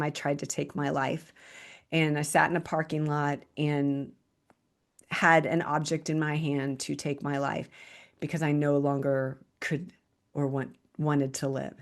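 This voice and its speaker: Low-voiced woman sharing her testimony. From Texas, United States. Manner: earnest, slow and reflective, with frequent restarts. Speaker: podcast host. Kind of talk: personal testimony monologue.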